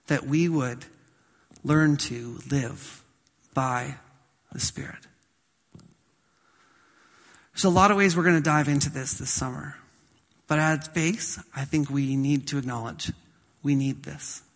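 A man preaching a sermon as pastor, swinging from loud to soft and slowing down on key phrases. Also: on the high side, in a large hall.

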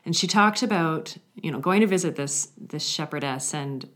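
A woman telling a story in a conversational faith reflection, animated, with hushed passages. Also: deep voice, normal speed. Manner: storytelling, animated, drops to a hushed voice for quiet moments.

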